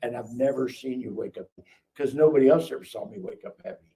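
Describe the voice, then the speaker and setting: A man with a warm, medium-pitched voice talks quickly as he shares his life story as a guest. The testimony is casual, and he performs the dialogue himself. Audio comes through a distant live stream call mic with slight noise.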